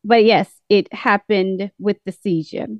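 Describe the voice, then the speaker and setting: A woman with a British-sounding accent, a caller giving a measured, earnest testimony on a call-in program. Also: mid-range voice, fairly even intonation, no echo, muffled recording. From United States.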